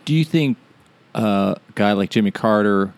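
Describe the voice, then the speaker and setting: Playful lower-voiced podcast man. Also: moderate pace, creaky. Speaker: podcast co-host. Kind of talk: casual chat.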